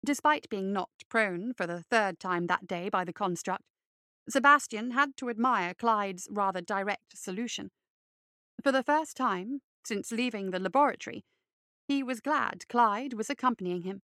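A woman narrating an audiobook in a measured, wry storytelling manner. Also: mid-range voice, sharp tone, dry recording, studio quality.

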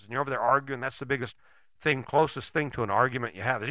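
A man's voice: medium pitch, rapid-fire, sharp tone, no room sound. An older man giving a casual motivational talk, folksy and blunt, often checking in with "right?".

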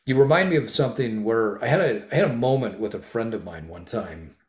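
A man hosting a podcast, telling stories in an animated way and swearing for emphasis. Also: fairly low pitch, a little fast. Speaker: podcast host. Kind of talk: casual podcast conversation. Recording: roomy echo.

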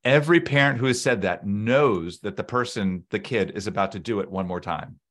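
A man's voice: lowish voice, brisk. A man co-hosting a casual podcast chat, reflective and explaining his ideas with everyday examples.

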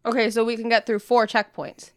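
Clear-voiced woman planning a game. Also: a little high, level tone, fairly quick. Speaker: player. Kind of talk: casual tabletop game chat.

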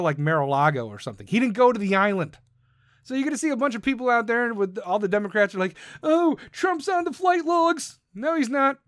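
A man's voice: sits high, fairly bright tone, dry recording, studio quality. A man hosting a podcast, ranting in a profane, combative and sarcastic way. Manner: mocks others in put-on voices. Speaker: podcast host. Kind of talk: ranting monologue.

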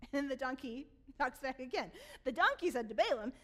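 A woman pastor giving a sermon, reading scripture aloud and retelling it in an animated storytelling way, laughing along. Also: high voice, brisk.

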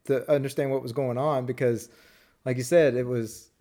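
A man's voice: medium pitch, steady tone, normal speed, mellow. Rambling man podcast co-host. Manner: rambling, restarts sentences. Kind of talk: casual chat.

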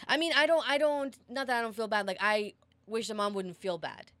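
A woman's voice: fairly high pitch, fairly quick, fairly bright tone, no echo. A woman co-hosting a podcast, talking in a chatty, reflective way with casual swearing and lots of fillers. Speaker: podcast co-host. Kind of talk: casual chat.

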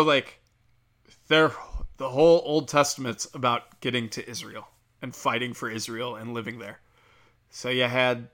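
Bright, profane man ranting solo. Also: mid-range voice. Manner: crude, profane, rambling rants. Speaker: podcast host. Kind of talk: casual solo monologue.

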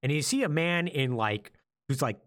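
Podcast guy retelling a game plot, lively swoopy voice, does little bits of the characters. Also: on the high side, normal speed. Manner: animated storytelling, acts out quotes. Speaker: podcast co-host. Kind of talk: casual podcast chat.

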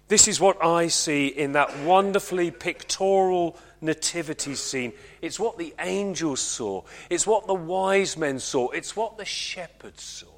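A man preaching a Christmas sermon at a church service, earnest and often slowing to a near hush. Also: fairly high pitch. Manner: earnest, slows and drops to a hush on key lines.

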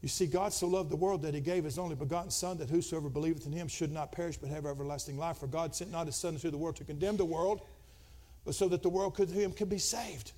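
A middle-aged man preaching a Pentecostal sermon, dropping to quiet conversational talk and then climbing into shouted, fervent preaching. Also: a little high, fairly even intonation, fast talker. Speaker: pastor.

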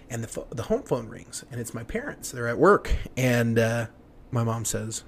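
A man in his young adult years tells a story on a podcast, circling back through fillers and restarts. His voice drops to a near hush at the fearful moments. A faint hum of noise sits behind him. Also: mid-range voice, expressive, fairly quick. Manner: rambling, many fillers and restarts, hushed when retelling fear. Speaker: podcast guest. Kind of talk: casual storytelling.

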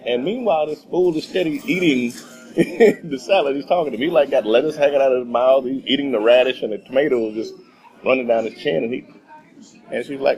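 A middle-aged man from Texas telling a story as a radio guest, animated and laughing often. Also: medium pitch, brisk, poor audio. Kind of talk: casual storytelling.

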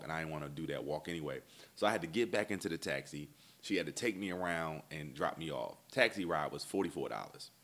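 A man, a comedian, telling a long comic travel story and acting out the people in it. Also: sits low. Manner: animated, acts out dialogue in voices. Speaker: stand-up comedian.

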